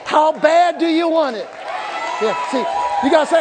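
High-voiced fervent male preacher. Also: lively intonation, moderate pace, crowd noise, background noise. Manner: fervent preaching, shouting and call-and-response. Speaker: pastor. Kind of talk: sermon. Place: large church hall. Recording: echoey hall with live congregation.

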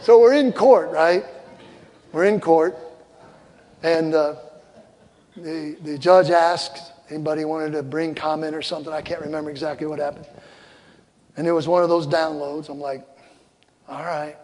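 An older man preaching a sermon as a pastor, telling stories with loud punchlines and soft asides. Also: fairly high pitch, fairly even intonation, normal speed, pauses often. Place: church sanctuary. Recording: long hall reverb, faint crowd ambience.

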